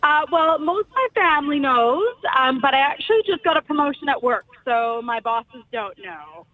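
A woman calling in to a radio show with a high, dry-sounding voice. She sounds a bit hesitant and giggles between her answers. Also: animated, moderate pace, no room sound, phone-quality sound. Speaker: caller. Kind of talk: phone-in chat.

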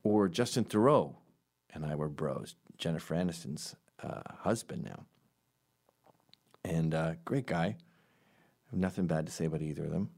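A comedian doing a rambling, sarcastic comedic monologue with deadpan asides, jumping into loud, high voices for the people he quotes. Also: normal speed, long pauses.

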